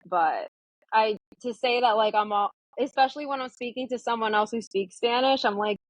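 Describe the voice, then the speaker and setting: A woman's voice: a little high, moderate pace, no room sound, poor audio. A woman in her twenties, a therapist from the United States, chatting as a guest in a casual interview, with lots of "like" and acted-out quotes of herself.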